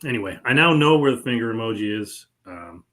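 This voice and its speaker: A man co-hosting a podcast who tells stories in an animated way, swearing freely and laughing as he goes. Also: mid-range voice, brisk. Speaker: podcast co-host. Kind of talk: casual podcast storytelling.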